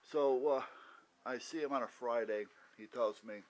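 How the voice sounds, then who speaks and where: A man's voice: mid-range voice, measured pace, low-quality recording. Blunt man telling his own story. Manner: blunt, swears freely, acts out quoted dialogue. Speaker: vlogger recounting his heart attack. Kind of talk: casual personal storytelling.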